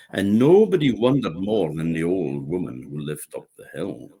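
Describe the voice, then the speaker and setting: A man with an Orkney accent telling a folk tale in a lively, animated way. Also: low voice, normal speed, breathy edge. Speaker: storyteller.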